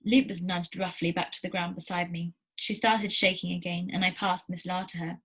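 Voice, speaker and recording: A teacher reading a novel aloud to her class in a steady storytelling manner, with small slips. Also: lowish voice, normal speed, breathy edge, rough recording.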